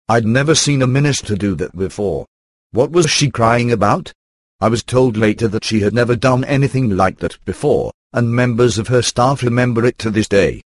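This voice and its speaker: A man reading a first-person book aloud in an even, computer-rendered narration. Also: on the low side, dry recording. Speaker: audiobook narrator.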